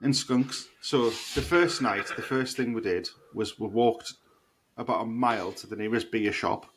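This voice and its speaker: A man's voice: mid-range voice, moderate pace. A man co-hosting a podcast, telling a rambling story in casual chat and swearing freely. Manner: animated, swearing, laughing storyteller. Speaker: podcast co-host. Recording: noisy podcast recording.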